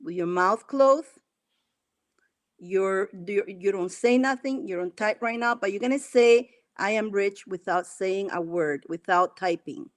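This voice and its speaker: A woman's voice: medium pitch, a little slow. A woman acting as a spiritual coach on a live stream, repeating instructions and guiding listeners through affirmations. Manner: repetitive, coaxing instructions.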